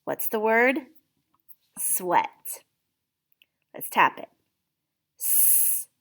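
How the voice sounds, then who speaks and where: A woman leads a spelling lesson at a very slow, deliberate pace. She patiently sounds out each word letter by letter for a young learner. Her pitch sits at an ordinary middle level. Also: fairly bright tone. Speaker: teacher.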